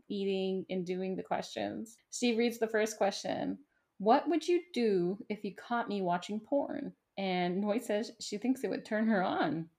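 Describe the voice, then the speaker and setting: A woman co-hosting a podcast, recapping a show in casual chat with quick asides and frequent laughter. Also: mid-range voice, a little mellow. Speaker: podcast co-host.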